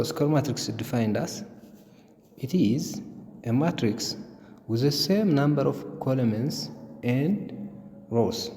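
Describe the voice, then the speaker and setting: A man teaching a math lesson, explaining slowly with frequent repetitions and fillers. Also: medium pitch, dark tone. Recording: long reverb, faint noise.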